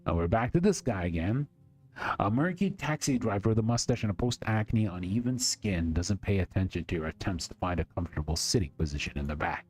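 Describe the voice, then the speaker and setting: Animated low-voiced man reading a game. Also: brisk. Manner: dramatic reading with casual asides. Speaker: streamer. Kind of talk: reading a text game aloud on stream.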